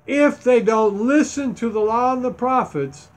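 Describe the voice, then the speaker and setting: Slow, high-voiced man preaching. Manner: reads scripture aloud and stresses key points. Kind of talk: Bible teaching sermon.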